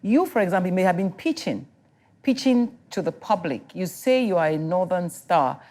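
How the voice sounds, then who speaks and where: A woman's voice: fairly low pitch, expressive, normal speed, darkish tone. A middle-aged woman with a Nigerian accent hosting a TV talk show, probing her guest with questions. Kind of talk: studio interview. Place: TV studio.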